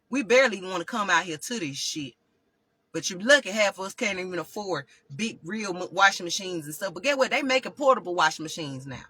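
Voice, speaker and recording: A woman's voice: mid-range voice, pushed and bright, breathy edge, no room sound. A woman telling a story straight to her viewers in a heated, profane rant, calling them y'all throughout. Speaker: vlogger. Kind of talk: casual storytelling rant to camera.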